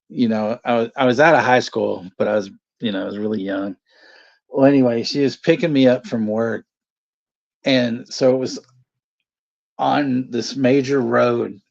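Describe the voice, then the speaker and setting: A man's voice: medium pitch, gravelly, a little mellow. A man hosting a casual livestream chat, rambling through a story, swearing and laughing often. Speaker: channel host. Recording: dull lo-fi stream audio.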